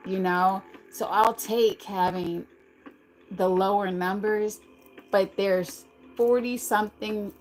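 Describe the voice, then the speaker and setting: A woman's voice: mid-range voice, a little hiss or hum, rough recording. A middle-aged American woman with a slight lisp, hosting a casual livestream and answering viewers in the chat. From United States. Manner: chatty, reads and answers the chat aloud. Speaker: livestream host.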